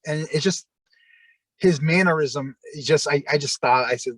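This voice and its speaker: A man who used to wrestle, telling a backstage story as an interview guest, cursing freely and acting out his own shouts. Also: a little high, normal speed, no room sound, low-quality recording. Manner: animated, profane, acts out his own shouting.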